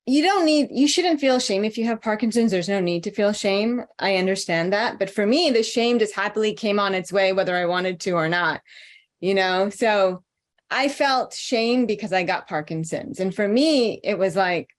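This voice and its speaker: A woman's voice: mid-range voice, moderate pace. A woman with a mid-range voice speaks candidly as a panelist on a video call. She is open and self-deprecating about her feelings. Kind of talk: personal panel talk.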